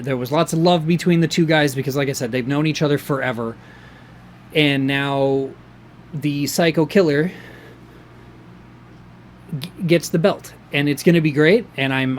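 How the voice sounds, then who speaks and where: Excitable rambling man, slightly high voice. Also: a little hiss or hum. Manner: rambling and excitable, with many fillers and restarts. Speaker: wrestling show reviewer. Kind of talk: casual chat.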